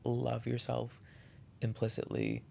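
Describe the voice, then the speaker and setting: A man talks through a solo podcast in a heartfelt, encouraging way, restarting sentences as he goes. His voice is strongly gravelly with lots of vocal fry, sitting at an ordinary middle pitch. A faint noise and low rumble run underneath the recording. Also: monotone, slow pace, warm tone. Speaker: podcast host. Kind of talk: reflective solo podcast monologue.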